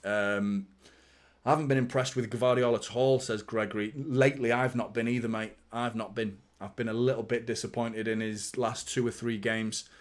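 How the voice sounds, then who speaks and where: A man's voice: mid-range voice, fairly even intonation, normal speed. Young guy ranting about footy on a live stream, fired up, swears a lot, reads out chat. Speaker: football fan channel host.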